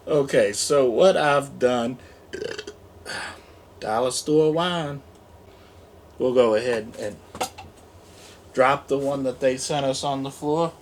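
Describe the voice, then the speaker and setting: Slow, laid-back man rambling through an unboxing. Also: mid-range voice, a little hiss or hum. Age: 40s. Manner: laid-back, jokey, full of fillers and asides. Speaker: unboxing channel host. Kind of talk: casual rambling vlog talk.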